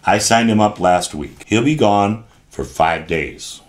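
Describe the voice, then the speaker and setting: An actor playing a smooth-talking Southern gentleman in a radio soap, with a Southern accent and a flowery, flattering way of talking. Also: fairly low pitch, unhurried, slight background noise, lightly acted. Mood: evasive.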